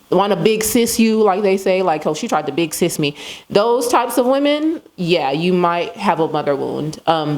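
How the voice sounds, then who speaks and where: A woman's voice: low-pitched, a little mellow. A woman hosting a casual self-help talk, conversational and loose, with many asides and fillers. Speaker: host.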